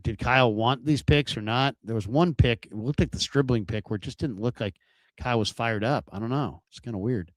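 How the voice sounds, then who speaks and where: A man's voice: medium pitch, brisk, no room sound. A man hosting a sports talk show, chatting casually and reading viewer messages while musing aloud with lots of rhetorical questions.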